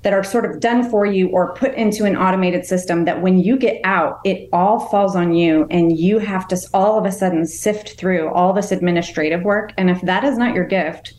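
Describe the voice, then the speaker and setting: A woman's voice: fairly low pitch, normal speed, hardly any pauses, a little mellow, roomy sound. A woman guest on a podcast interview, a veteran's wife and caregiver, speaking earnestly and from the heart. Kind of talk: conversational interview.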